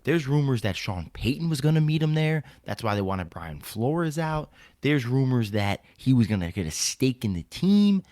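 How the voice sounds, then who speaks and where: A man's voice: medium pitch, big pitch swings, moderate pace, a little mellow, dry recording, studio quality. A man co-hosting a sports podcast in casual chat, blunt and sarcastic, ranting with heavy swearing. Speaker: podcast co-host.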